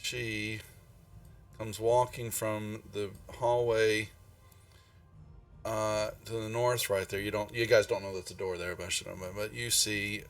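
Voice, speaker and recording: A game master narrates a tabletop game on a live stream, his lowish voice barely moving in pitch. He talks slowly and rambles while searching aloud through his notes. The mic sits at a distance, with faint music in the background.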